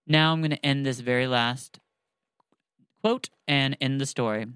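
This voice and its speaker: A man's voice: medium pitch, fairly even intonation, a little slow, long pauses, fairly bright tone, clear, resonant tone, no room sound, poor audio. A man casually retelling a story with many fillers and restarts, then reading passages aloud. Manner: rambling, filler-heavy.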